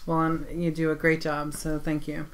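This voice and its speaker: A woman co-hosting a casual live stream, relaxed and friendly, greeting viewers by name and sharing travel tips. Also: sits low, moderate pace.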